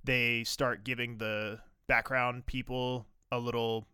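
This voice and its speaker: A man's voice: mid-range voice, level tone, takes it slowly, bright, forceful tone, smooth, no echo, clean studio sound. A man co-hosting a podcast, recapping a TV drama in casual, rambling chat with lots of fillers. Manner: enthusiastic, rambling with many fillers. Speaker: podcast co-host.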